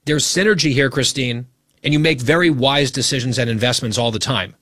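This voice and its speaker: A man hosts a radio talk show in a mid-range voice, quick and teasing as he banters. The studio sound is dry and close. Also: mid-range voice, fairly bright tone, no echo.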